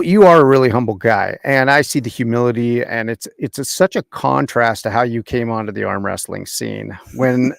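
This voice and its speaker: Gravelly-voiced man hosting a podcast. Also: medium pitch, dry recording, clean studio sound. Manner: relaxed, chatty, fumbles with the video playback. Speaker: podcast host. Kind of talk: casual interview chat.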